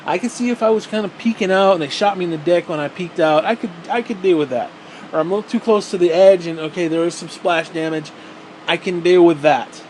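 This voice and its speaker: A man's voice: high-pitched, quick pace, a little mellow, slight background noise. A man angrily ranting about a video game in a profane, sarcastic, frustrated way. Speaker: gaming vlogger.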